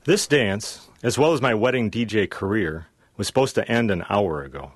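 Low-voiced man reading a wry radio essay. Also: lively intonation, normal speed, no echo, clean studio sound. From Wisconsin. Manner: wry, reflective storytelling. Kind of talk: scripted first-person radio essay.

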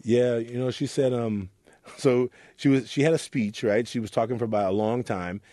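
A man from Oakland, a youth mentor, telling his story in an interview with earnest warmth and acting out the voices in it. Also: medium pitch, steady tone, moderate pace, no echo. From Oakland, California. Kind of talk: reflective interview talk.

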